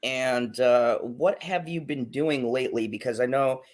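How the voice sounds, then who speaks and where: A man's voice: medium pitch, a little slow. A young man hosting a casual livestream chat, hyped and joking as he reads the chat aloud. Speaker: host.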